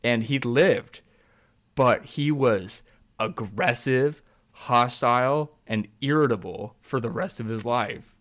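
A young man co-hosting a podcast, relaxed, agreeing and explaining things casually. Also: medium pitch, slow. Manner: laid-back, agreeing, explaining. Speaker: podcast co-host. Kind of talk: casual chat.

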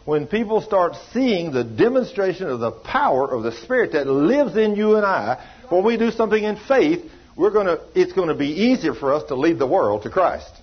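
A storytelling preacher, a man with a rather high, husky voice, who slips into the voices of the people in his tales. The recording sounds dull and lo-fi. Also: big pitch swings, moderate pace, few pauses. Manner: storytelling preacher acting out dialogue in a folksy drawl. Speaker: pastor. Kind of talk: sermon.

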